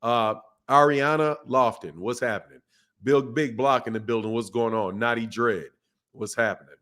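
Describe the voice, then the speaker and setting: A man's voice: mid-range voice, normal speed, a bit bright. Casual man hosting a boxing stream. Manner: loose, repetitive, greets viewers by name. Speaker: boxing channel host. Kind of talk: casual live-stream chat.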